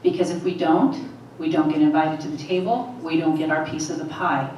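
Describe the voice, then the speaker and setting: A woman running for office, answering forum questions in a steady, measured way and repeating phrases for emphasis. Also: low voice, dull audio, a little hiss or hum. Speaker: political candidate. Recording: echoey hall, voice from far off.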